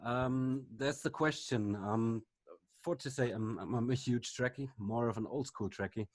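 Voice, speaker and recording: A man's voice: mid-range voice, no room sound. Hesitant man asking a question, dry sound. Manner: hesitant, halting non-native English. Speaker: audience member asking a question. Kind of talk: conference Q&A question.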